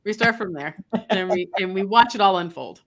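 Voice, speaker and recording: A woman's voice: mid-range voice, expressive, brisk. A woman speaking as a guest dog trainer in a casual interview, talking animatedly and acting out quoted voices.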